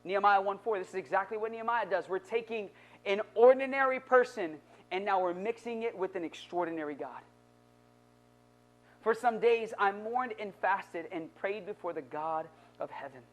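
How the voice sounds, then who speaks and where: A male pastor delivering a sermon, moving from quiet, low passages to loud, building exhortation. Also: normal speed. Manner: dynamic preaching, dropping low then building to shouts.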